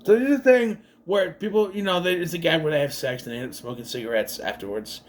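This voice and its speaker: A man's voice: fairly high pitch, fast talker, slight background noise. A man giving a casual, rambling movie recap, laughing at the gags and acting out quoted lines. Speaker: movie reviewer.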